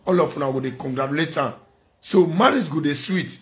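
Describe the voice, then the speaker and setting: A man's voice: a little high, a little fast. A man with a Nigerian accent giving a ranting vlog commentary, scolding and preaching, repeating phrases for emphasis.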